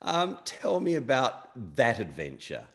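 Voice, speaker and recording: A man's voice: medium pitch, huge pitch swings, a little slow, a bit bright. A man hosting a celebrity interview, gushing with effusive compliments as he sets up questions. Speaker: interview host.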